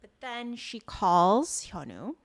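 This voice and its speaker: Animated woman recapping a drama. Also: medium pitch, creaky. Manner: animated, acts out characters' lines in quick voices. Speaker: podcast co-host. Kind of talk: casual recap chat.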